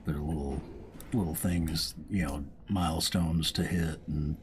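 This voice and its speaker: Deep-voiced man joking through gameplay. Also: fairly even intonation, a little slow, background noise. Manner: joking, reads game dialogue aloud in goofy voices. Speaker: gaming video host. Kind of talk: casual gameplay commentary.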